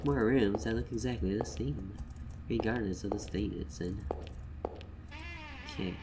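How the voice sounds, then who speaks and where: A man giving casual, joking game commentary, swinging between mumbles and loud outbursts. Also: fairly low pitch, measured pace, noisy background. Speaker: let's play gamer.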